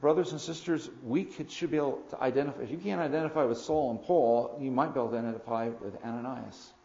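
A man preaching a sermon as pastor, swelling suddenly loud for emphasis and slowing to stress key words. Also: mid-range voice, vocal fry, echoey room, highs cut off.

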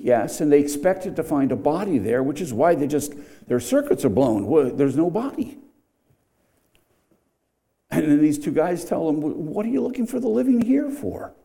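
A man's voice: a little high, dark tone. A middle-aged man preaching a sermon in a conversational way, with asides and restarts. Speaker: pastor.

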